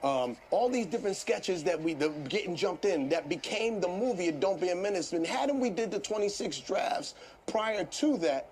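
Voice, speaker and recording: A man in his fifties, a comedian guest telling stories in a casual interview, animated, laughing often and swearing freely. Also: high voice, normal speed, hardly any pauses, a little hiss or hum.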